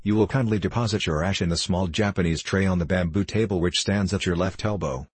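A booming, arrogant old professor holds forth in a pompous, lecturing way, as a male reader puts him on. The voice sits very low and sounds husky. The recording is dry and close. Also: fairly quick, no room sound. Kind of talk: audiobook reading.

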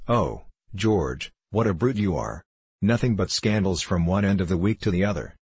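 An exasperated wife scolds reproachfully in a storybook reading, with a man putting her on. The voice stays low and husky, recorded dry and close. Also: expressive, normal speed, darkish tone, dry recording, exaggerated voice. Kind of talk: audiobook reading.

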